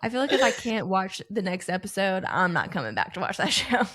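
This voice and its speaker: A woman's voice: mid-range voice, big pitch swings, fairly quick, a bit bright. A woman co-hosting a casual podcast, candid and self-deprecating, often laughing at herself. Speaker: podcast co-host. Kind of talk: casual chat.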